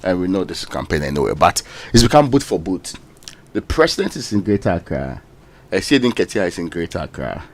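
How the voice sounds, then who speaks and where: A man's voice: low voice, sing-song, a little fast. Ghanaian man hosting morning radio. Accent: Ghanaian English. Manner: conversational, reads headlines and comments. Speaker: radio host. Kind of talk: news review and political talk.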